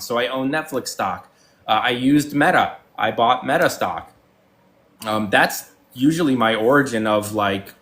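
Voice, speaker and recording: A man in his forties talks casually as a guest, and his voice sits right at an ordinary middle pitch. He rambles, circles back with fillers and restarts, and acts out both sides of past conversations as he tells his stories. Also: a bit bright. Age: 40s. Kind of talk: casual chat.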